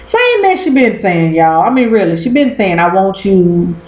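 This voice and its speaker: A woman's voice: on the high side, huge pitch swings, normal speed, a little mellow, roomy sound, low-quality recording. A woman chatting casually about a TV episode, slangy and cussing as she acts out quotes. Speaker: vlogger recapping a TV episode. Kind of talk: casual chat.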